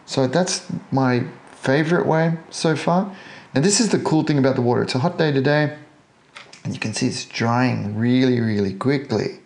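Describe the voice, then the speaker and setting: An Australian man with a medium-pitched, slightly mellow voice talks at a normal speed while painting a model. He chats casually through the tutorial, adding jokey, self-deprecating asides.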